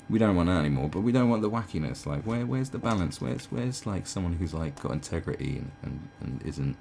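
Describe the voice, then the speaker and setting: A man's voice: low voice, sing-song, moderate pace, gravelly, a little hiss or hum. A man in his twenties or thirties ranting about politicians in a casual, sarcastic, profane monologue, slipping into mocking impressions. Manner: sarcastic, mocking, profane, does mocking quoted voices. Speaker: commentary channel host. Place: indoors at home.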